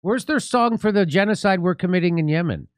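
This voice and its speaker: A middle-aged man hosting a political commentary show, talking in a sarcastic, mocking way and slipping in deadpan jokes. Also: high-pitched, a little fast, no echo, studio quality. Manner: mocking, deadpan jokes, laughs at own lines. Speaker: host.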